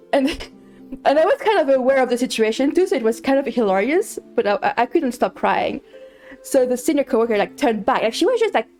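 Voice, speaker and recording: A woman's voice: a little high, a little mellow. A woman streamer chatting casually while playing a farming game, telling a story with many restarts and repeats.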